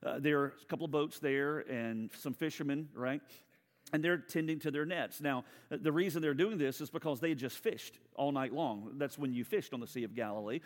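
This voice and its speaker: A man preaching a sermon as pastor, shifting from animated storytelling to quiet, earnest appeals. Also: medium pitch, a little fast. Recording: reverberant hall.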